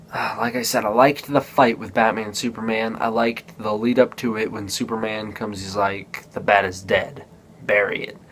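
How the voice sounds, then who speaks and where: A man's voice: lowish voice, fairly bright tone, a little hiss or hum. A man giving a casual spoken movie review, rambling, restarting sentences and acting out characters' lines.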